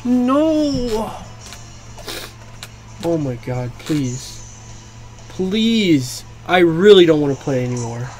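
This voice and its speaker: A young man recording a let's play, exasperated, pleading with the game and swearing, now and then erupting into shouts. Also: fairly high pitch, lively intonation, slow, faint music behind. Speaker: gaming YouTuber. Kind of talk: frustrated let's play commentary. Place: home room.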